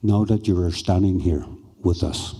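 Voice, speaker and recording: A man's voice: sits low, moderate pace, warm tone, husky. A man voicing a solemn ancestor spirit. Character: solemn male ancestor spirit addressing the living.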